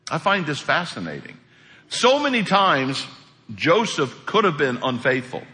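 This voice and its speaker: A man preaching a sermon as pastor, animated, acting out quotes as he preaches. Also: fairly high pitch, a little slow. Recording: echoey hall.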